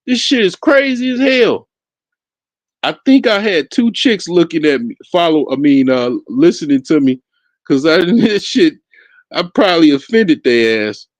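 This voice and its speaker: A man's voice: a little high, lively intonation, measured pace, no room sound. A man hosting a solo talk show, rambling and profane, laughing often and restarting his sentences. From Africa. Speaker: podcast host. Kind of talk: casual solo commentary.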